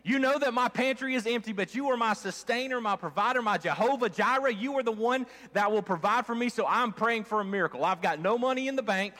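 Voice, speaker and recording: A man's voice: extremely high pitch, pushed and bright, long reverb tail, pitched above the performer's own voice. A man voicing a poor, devout woman praying fervently for food, drawing out his words. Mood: pleading. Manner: fervent, pleading, drawn-out words.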